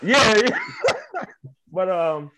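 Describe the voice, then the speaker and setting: A man's voice: high-pitched, drawn-out words, slight background noise. A young man from Michigan, a wrestler being interviewed, telling his story casually, acting out what people said and laughing often. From Michigan, USA. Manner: animated, acts out quoted exchanges, laughs often. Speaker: professional wrestler, guest. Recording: muffled lo-fi audio.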